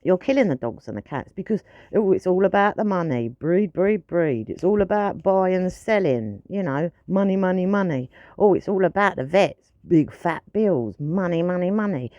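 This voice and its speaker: A woman's voice: lowish voice, animated, normal speed, few pauses, dark tone, dry recording, lo-fi sound. A woman ranting to camera in a blunt, frustrated way, swearing freely. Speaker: pet owner vlogger.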